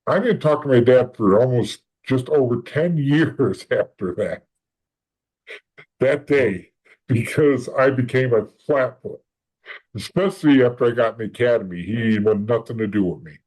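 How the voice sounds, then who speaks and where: A middle-aged man, a podcast guest, telling his story in a lively way, acting out what others said and swearing freely. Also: mid-range voice, normal speed, rough recording. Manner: animated, acts out quoted voices, swears. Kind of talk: storytelling in an interview.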